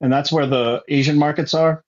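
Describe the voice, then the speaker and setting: A man's voice: fairly high pitch, steady tone, moderate pace. A man in a casual chat, ranting hotly and swearing freely. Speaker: guest. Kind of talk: casual conversation. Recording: dull lo-fi sound.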